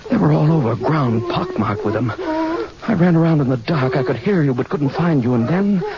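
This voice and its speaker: A man's voice: fairly high pitch, sing-song, moderate pace. An actor playing a haunted, guilt-ridden man in a 1950s-style radio drama, tense and breathless, sometimes anguished. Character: haunted middle-aged male gardener-scientist, guilt-ridden. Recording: hissy dull old radio recording.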